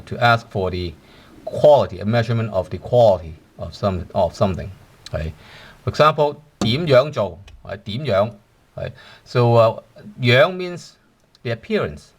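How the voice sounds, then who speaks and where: A man teaching a language lesson, explaining patiently with many fillers and tag questions. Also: fairly low pitch.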